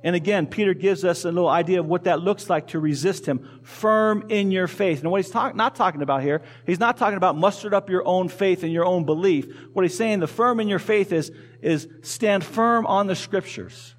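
A man's voice: high voice, moderate pace, few pauses. A male pastor preaching a sermon in a conversational way, asking the congregation questions and repeating key phrases. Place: church.

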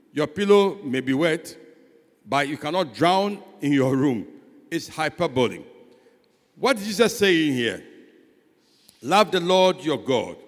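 A man, a pastor preaching a sermon, swinging between loud and soft and asking rhetorical questions. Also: high-pitched. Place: church hall. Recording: long church hall reverb.

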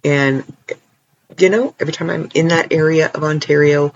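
A Canadian man rambles playfully to the camera by himself at night, worn out and stretching sore legs indoors. His voice is a little high and steady in tone at a normal speed, though the recording's highs are cut off.

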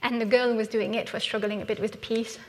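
A woman's voice: a little high, flat delivery, fast. A woman from France, preaching a conversational sermon in a church and often asking "yeah?" as she goes. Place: church hall. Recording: long hall reverb.

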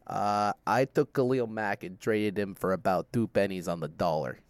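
A young man with a smooth, resonant, lowish voice, recorded close and dry. He talks through sports picks in loose, joking banter, sometimes rambling. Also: moderate pace, dry recording. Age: young adult. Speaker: podcast co-host. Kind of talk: casual sports chat.

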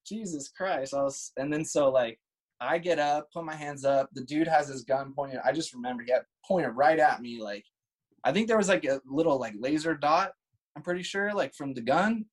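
A man's voice: on the high side, normal speed, rough recording. A man in his thirties telling a story as a guest, casual and full of slang and swearing. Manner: laid-back, swears, lots of "like" and "dude".

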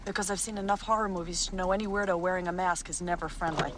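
A woman's voice: fairly low pitch, fairly even intonation, quick pace, a little hiss or hum, close to an everyday voice. An actress playing a nervous young woman in a horror film clip. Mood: worried.

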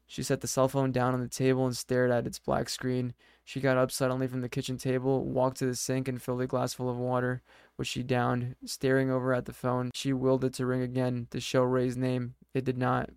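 A man narrates a dark scripted story in a measured, steady reading voice. His tone is smooth and clear, held almost level throughout, at a middling pitch. The recording is close and dry. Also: no echo.

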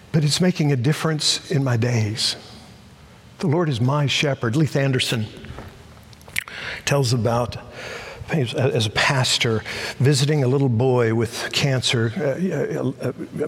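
Husky-voiced preacher with booming emphasis. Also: male voice, in a large hall. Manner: emphatic, rising to stress key words. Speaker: pastor. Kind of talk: sermon.

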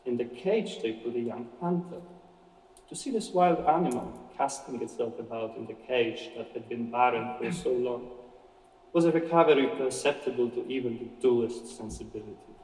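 A man giving a measured, expressive reading of a story aloud, with occasional slips. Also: mid-range voice. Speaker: reader. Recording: echoey hall from far off.

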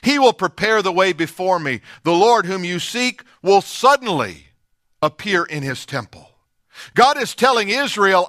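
Male pastor, high bright voice, dry close sound; delivers a sermon with dramatic swings from loud to hushed. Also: expressive, moderate pace, no room sound.

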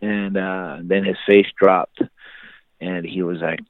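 A man's voice: low voice, level tone, takes it slowly, dry recording. A man casually telling a personal story, rambling with many fillers and restarts. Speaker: guest telling his life story. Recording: tinny phone-like line, dry.

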